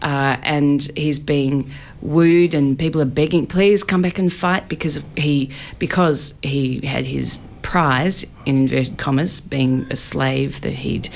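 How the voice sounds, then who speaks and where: A woman's voice: extremely low pitch, steady tone, slow, vocal fry. A woman, an author and archaeologist, chatting animatedly in a radio studio interview and laughing often.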